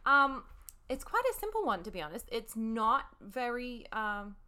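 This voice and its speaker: A woman's voice: a little high, big pitch swings, a little slow, bright, forceful tone, clear, resonant tone. A woman co-hosting a casual podcast, hesitant with many ums, spelling words out. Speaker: podcast co-host. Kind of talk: casual chat.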